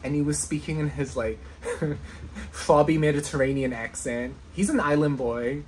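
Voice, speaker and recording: A woman vlogger chatting casually, enthusiastic and excitable, giggling often. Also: sits low, normal speed, slight background noise. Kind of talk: casual vlog chat.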